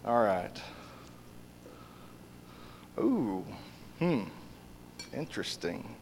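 A man preaching as a pastor in a church, relaxed and joking, with frequent fillers. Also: fairly low pitch, drawn-out words, vocal fry, a little hiss or hum. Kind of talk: casual sermon with prayer. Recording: long church hall reverb.

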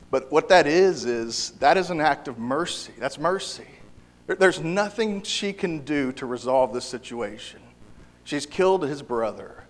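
A man preaching a sermon in an earnest, halting way, often restarting and repeating words. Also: medium pitch.

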